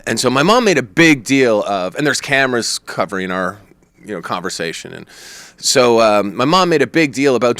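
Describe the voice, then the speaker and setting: A man chatting as a podcast guest, telling a long story in a rambling, animated way and quoting others. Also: mid-range voice, a little fast, no room sound. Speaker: comedian guest.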